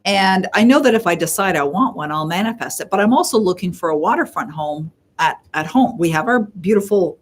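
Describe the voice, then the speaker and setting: A middle-aged woman from Canada hosting a live Q&A, telling stories in a chatty way and slowing down to stress her advice. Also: fairly low pitch, expressive. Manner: chatty storyteller, acts out quoted voices; slows and stresses key points. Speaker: host answering viewer questions. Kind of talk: live Q&A coaching talk.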